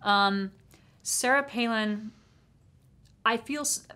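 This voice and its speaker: Casting note: woman, fairly high voice, wry and animated anecdote teller. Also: slow. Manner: wry, animated storyteller who laughs mid-sentence. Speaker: panel guest. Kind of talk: casual conversation, storytelling.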